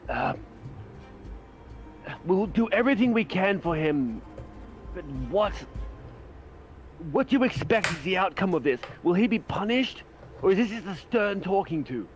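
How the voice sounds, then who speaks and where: A man's voice: high-pitched, big pitch swings, measured pace, pauses often, soft background music. A man voicing a blunt, weary old adventurer in a tabletop game. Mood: grave. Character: gruff old man named Gramps.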